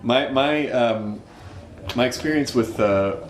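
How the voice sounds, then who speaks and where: A male podcast host in easy comedy chat, asking rambling questions that trip over their own starts. His voice sits at a middle pitch in a roomy studio with a faint hiss. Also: slow.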